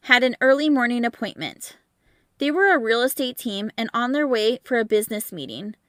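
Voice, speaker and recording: A woman's voice: fairly high pitch, fairly bright tone, no echo, studio quality. Woman host reading a narration. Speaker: podcast host. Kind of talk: scripted narration.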